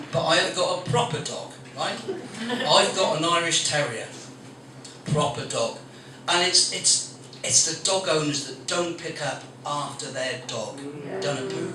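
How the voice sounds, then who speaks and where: A man's voice: on the high side, a little slow, pushed and bright. Stand-up compere, man, crude and chatty, recorded far away in a noisy room. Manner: blunt, crude, chatty storytelling with swearing. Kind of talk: stand-up comedy set. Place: small coffee shop venue with live audience. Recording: very echoey room recorded from a distance with background noise.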